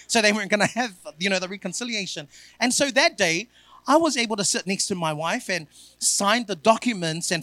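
A man preaching a sermon as a pastor, building up to loud repeated refrains. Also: high-pitched, no room sound.

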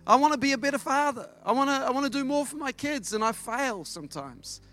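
A middle-aged man preaching a sermon as pastor, lively and storytelling, acting out dialogue. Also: very high-pitched, fast talker, soft background music. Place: church service.

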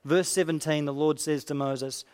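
A man preaching a sermon expressively, dropping quiet and low for quoted lines. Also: steady tone, moderate pace, clear, resonant tone. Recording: long hall reverb.

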